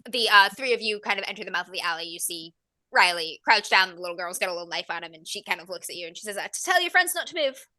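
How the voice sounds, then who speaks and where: A woman's voice: lowish voice, fairly even intonation, racing, sharp tone, dry recording. A woman narrating as game master of a tabletop game, chatty with many fillers.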